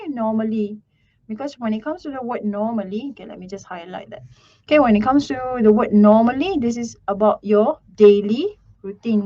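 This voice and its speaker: A woman teaching an online speaking class, repeating "okay" and modelling sample answers slowly. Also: fairly high pitch, darkish tone. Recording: dull lo-fi stream audio.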